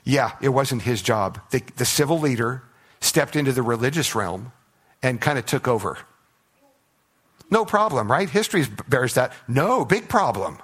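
A man's voice: mid-range voice, normal speed, breathy edge. A man preaching a sermon, retelling Bible stories with playful acted-out voices for the characters. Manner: animated storytelling, acts out biblical characters in playful voices. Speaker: pastor.

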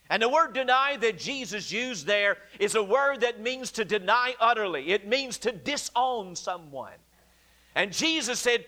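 A man pastor preaching a sermon in a church, acting out quoted voices with emphatic pauses. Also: extremely high pitch, animated, bright, forceful tone. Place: church sanctuary.

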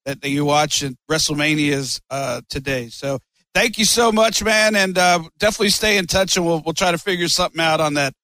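A man's voice: a little high, a little fast, bright, forceful tone, dry recording. A man hosting a podcast, talking easily with lots of fillers. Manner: easygoing, filler-heavy wrap-up talk. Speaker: podcast host. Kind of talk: casual interview chat.

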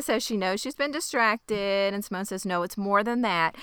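Crisp, bright-voiced woman recapping a show. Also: medium pitch, normal speed, hardly any pauses, no echo, clean studio sound. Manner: wry, playfully reenacts lines. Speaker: podcast co-host. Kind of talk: casual TV recap chat.

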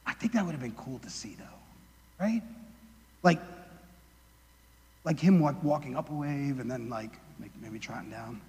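A man's voice: medium pitch, expressive, moderate pace, long pauses, dark tone, slight background noise. A male preacher giving a casual sermon, chatty and full of "like" and jokey asides. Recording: long reverb of a large hall.

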